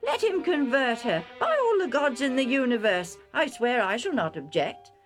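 A proud older chieftain full of scorn and indignation, sounding a touch higher than the narrator's own voice, as a woman reading a story puts him on. He declaims his grievances in a storybook telling, with faint music behind. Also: sing-song, normal speed. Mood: indignant. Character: furious older male foreign chieftain, proud.

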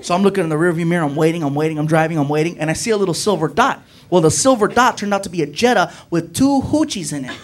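A male stand-up comedian telling an animated story and acting out the people in it. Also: a little high, rapid-fire, hardly any pauses. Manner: animated, acts out voices.

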